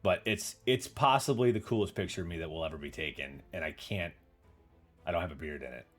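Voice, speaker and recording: A man's voice: deep voice, a little fast, fairly bright tone, faint music behind. A man hosting a casual livestream chat, telling rambling stories with casual swearing and answering viewer comments. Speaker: podcast host.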